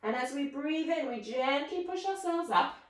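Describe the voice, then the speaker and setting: A woman's voice: high-pitched, lively intonation, moderate pace, far from the mic. A woman leading a children's yoga class, with encouraging, playful, sing-song instructions. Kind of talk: guided kids' yoga class. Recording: echoey room, voice from afar.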